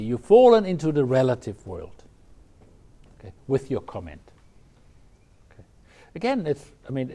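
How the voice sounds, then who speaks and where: A man's voice: medium pitch, mellow. Man giving a Zen talk. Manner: conversational, many restarts and fillers. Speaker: Zen teacher. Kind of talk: dharma talk on a koan.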